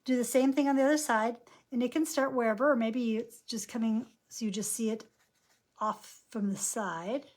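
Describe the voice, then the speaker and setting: A woman's voice: on the high side, fairly even intonation, normal speed, darkish tone. A woman teaching a painting class, talking through each brushstroke as she works. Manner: chatty, narrates each brushstroke aloud. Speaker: painting instructor. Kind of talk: live painting lesson.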